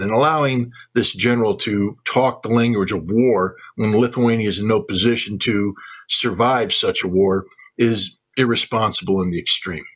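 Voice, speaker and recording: An American man speaking as an interview guest, forceful and emphatic, repeating his key points. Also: mid-range voice, breathy edge, rough recording. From United States. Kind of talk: emphatic commentary.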